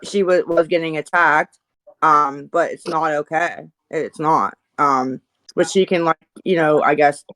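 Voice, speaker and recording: A voice-call moderator with a middling pitch talks in a halting, filler-heavy way. The words come out in stops and restarts. The recording is dry and close, with no room sound. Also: fairly even intonation, a bit bright, dry recording, low-quality recording. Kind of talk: casual voice chat.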